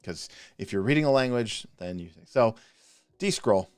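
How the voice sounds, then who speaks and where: A man co-hosting a live stream, ranting passionately in a casual, animated way with frequent restarts. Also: on the low side, moderate pace, clear, resonant tone, no room sound, studio quality. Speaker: podcast co-host reviewing game spells.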